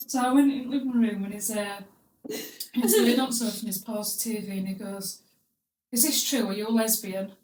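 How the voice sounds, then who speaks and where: A woman's voice: a little high, far from the mic. A young woman hosting a podcast, telling her story in a blunt, crude, comic way. She sits a little back from the mic, so her voice carries some room echo. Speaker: podcast host. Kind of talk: casual storytelling chat. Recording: roomy, a bit off-mic.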